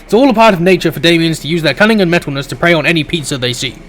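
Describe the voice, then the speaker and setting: A man voicing a brash, reckless young male monster who blusters in a fast, pushy way. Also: on the high side, expressive, a bit bright. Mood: blustering.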